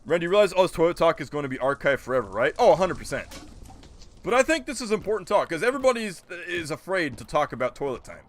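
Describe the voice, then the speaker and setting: Animated, lively male game streamer. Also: a little high, quick pace. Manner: incredulous, joking rants, answers chat. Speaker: gaming streamer. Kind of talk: casual live-stream chat.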